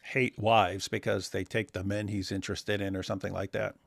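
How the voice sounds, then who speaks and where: A man's voice: on the low side, flat delivery, a little fast, creaky, no echo. A man hosting a livestream, reading viewer comments aloud and teasing his guest in a wry, casual way. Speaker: host.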